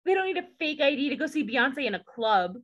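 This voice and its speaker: A woman with a Southern accent co-hosting a casual recap podcast, sarcastic and animated, slipping into impressions. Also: sits high, a little fast, dull audio. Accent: Southern American. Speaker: podcast co-host.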